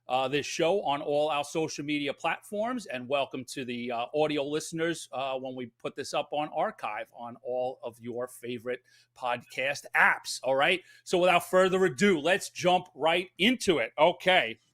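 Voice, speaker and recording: A man's voice: a little high, normal speed, a bit bright. A man hosting a casual podcast, upbeat and chatty with plenty of fillers. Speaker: podcast host.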